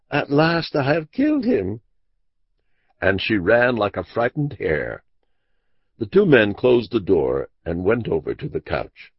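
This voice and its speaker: A man narrating a classic mystery audiobook in a measured, expressive storytelling manner. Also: on the low side, vocal fry, husky, dry recording. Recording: dull dry lo-fi audiobook recording.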